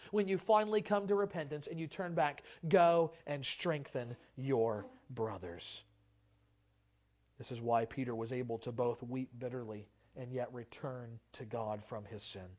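A man preaching a sermon as pastor, impassioned, swinging from loud declarations to quiet, low passages. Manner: impassioned preaching with wide swings in loudness and pitch.

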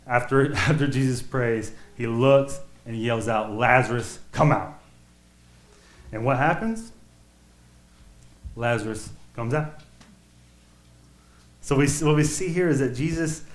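A man preaching a sermon in a loose, conversational way, full of restarts and rhetorical questions. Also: medium pitch. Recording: echoey room.

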